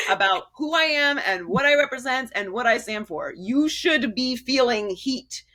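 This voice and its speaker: A woman's voice: sits high, lively intonation, moderate pace, bright, forceful tone. A woman guest in an interview, speaking candidly and emphatically, laughing often and restarting her sentences. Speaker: sports media guest.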